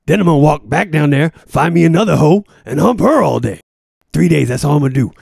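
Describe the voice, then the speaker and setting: A man doing a gravelly, scornful tough convict. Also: fairly high pitch, animated, fast, darkish tone, no room sound, clean studio sound, full character voice. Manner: street slang, mocking. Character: crude, tough male convict, loud and scornful.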